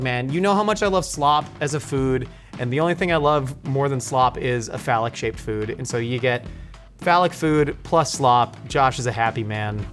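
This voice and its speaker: A playful man hosts a cooking show from a kitchen set, speaking at an ordinary middle pitch for a man, then jumping up when excited. Soft music plays faintly behind him. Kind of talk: casual, jokey cooking show presenting.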